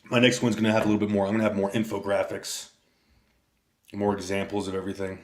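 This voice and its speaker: A man's voice: fairly low pitch, little pitch movement, quick pace, slight background noise. A man livestreaming a casual rant, telling stories in a rambling, heavily profane way and answering his chat. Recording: echoey room.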